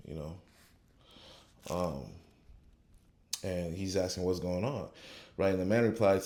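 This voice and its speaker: A man's voice: deep voice, a little mellow. A man giving a casual motivational talk on faith, punctuating nearly every phrase with "right?", reflective and then fervent. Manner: unhurried and reflective, growing fervent when preaching. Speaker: motivational speaker. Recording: echoey room.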